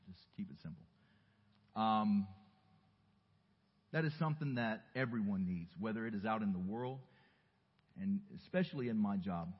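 A man from the Southern US preaches a sermon with earnest storytelling, easing into soft reflective asides. His voice sits low and has a husky edge. The recording is muffled and carries the long reverb of a church hall. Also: animated, normal speed, long pauses. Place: church sanctuary.

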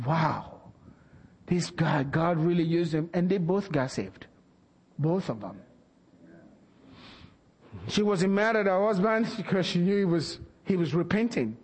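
A man with a high voice preaches in a church, spinning a story and acting out each exchange. His words ring out with a long hall reverb. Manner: animated storyteller acting out dialogue. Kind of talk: sermon storytelling.

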